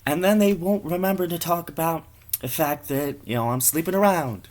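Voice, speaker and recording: A man's voice: a little high, moderate pace, a little mellow, voice pushed up, close to an everyday voice. A man voicing a young woman fretting about her reputation, in a whiny drawl.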